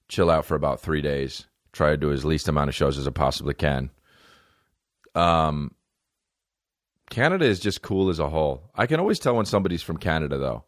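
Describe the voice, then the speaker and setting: A man in his thirties hosting a podcast, riffing in a rambling, profane comedic monologue and mimicking people in high mocking voices. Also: dry recording, clean studio sound.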